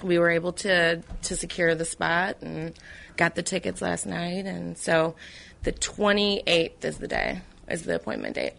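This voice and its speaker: Gravelly-voiced woman, near tears. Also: lowish voice, big pitch swings, a little slow, fairly bright tone, rough recording. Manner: grateful, earnest, holding back tears. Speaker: radio guest. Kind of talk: emotional guest interview. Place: radio studio.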